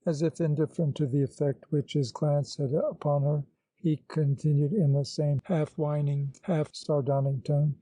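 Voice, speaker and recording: A man narrating an audiobook in a measured, literary storytelling manner. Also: on the high side, flat delivery, warm tone, dry recording, poor audio.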